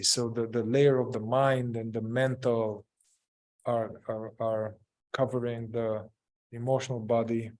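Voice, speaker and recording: A man speaks at a middling pitch, leading a group through a gentle inquiry practice. He talks in a halting way, pausing often with fillers and starting sentences over. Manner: hesitant, many fillers and restarts. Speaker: group facilitator. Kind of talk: guiding a group in therapeutic inquiry.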